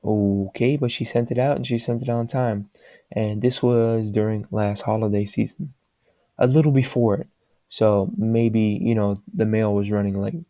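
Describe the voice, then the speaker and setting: Guy with a lowish voice just rambling his take on things, dry muffled sound. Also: steady tone, normal speed, mellow, no room sound. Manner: rambling, digressive and plain-spoken. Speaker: vlogger giving his opinion. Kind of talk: casual opinion monologue.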